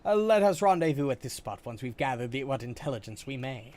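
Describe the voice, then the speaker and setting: A man's voice: mid-range voice, sing-song, brisk, darkish tone, close to an everyday voice. A man voicing a posh, formal young male noble inventor who speaks in stilted, old-fashioned courtly phrases. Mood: earnest.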